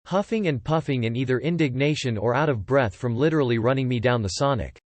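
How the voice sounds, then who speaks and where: A man's voice: medium pitch, fast talker, no room sound. A man reading stories in a dry, close voice. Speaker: story reader. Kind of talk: scripted narration.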